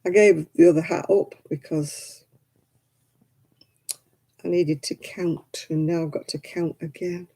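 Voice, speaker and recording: A woman's voice: lowish voice, fairly even intonation, unhurried, vocal fry, long pauses, warm tone, breathy edge. A woman hosting a crafting livestream at home, chatting casually and rambling as she crochets, counting stitches under her breath. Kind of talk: casual chat while crocheting. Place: at home indoors.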